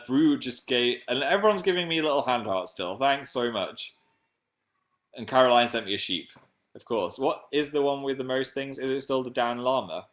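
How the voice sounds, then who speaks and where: A man's voice: medium pitch, a bit bright. A young man from England hosting a casual live stream, chatting playfully and reading out viewer comments.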